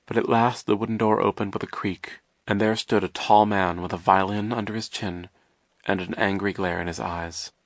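A man with a lowish voice reads an audiobook in a wry, measured way. The recording is dry and close, with no room sound. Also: steady tone, no echo. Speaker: narrator. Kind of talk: audiobook narration.

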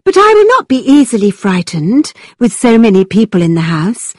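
A woman voicing an excitable young woman who speaks in a high, quavering voice with nervous eagerness. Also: normal speed, dry recording, clean studio sound. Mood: eager.

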